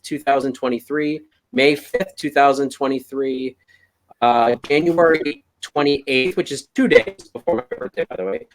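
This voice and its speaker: A man's voice: mid-range voice, moderate pace, soft background music. A man co-hosting a casual podcast over a call, hesitant and restarting his sentences often. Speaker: podcast co-host.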